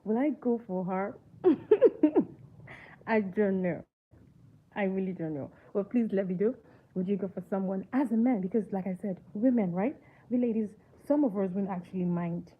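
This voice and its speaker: A woman's voice: mid-range voice, moderate pace, breathy edge. Chatty woman on a tinny line. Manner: chatty, asks viewers questions, many fillers. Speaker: livestream movie reviewer. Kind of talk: casual live movie chat. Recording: tinny phone-like line with faint hiss.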